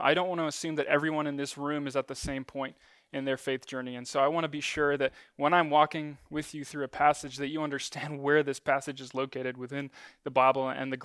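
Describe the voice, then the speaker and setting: A man's voice: mid-range voice, a bit bright, clean tone, no room sound. A man preaching a casual sermon to a church gathering, talking conversationally with frequent ums and light self-deprecating asides.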